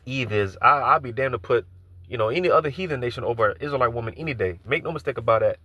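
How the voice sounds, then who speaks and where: A man's voice: medium pitch, sharp tone. A man giving an informal live sermon, loose and conversational, repeating phrases and filling gaps with asides. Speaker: preacher.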